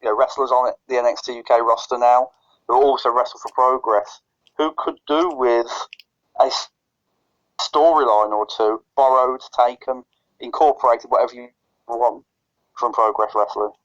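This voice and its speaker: A man co-hosts a podcast in loose, casual chat, tripping over his words and starting sentences again. His voice sits at a middling pitch. The recording sounds muffled and lo-fi. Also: fairly even intonation, normal speed, a bit bright. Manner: stutters and restarts phrases. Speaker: podcast co-host. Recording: lo-fi dull recording.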